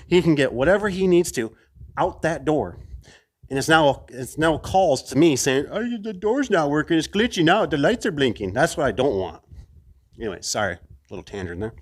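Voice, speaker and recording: Excitable, animated garage door installer man. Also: mid-range voice, fairly quick. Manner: chatty, enthusiastic, rambling asides to viewers. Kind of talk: casual unboxing vlog.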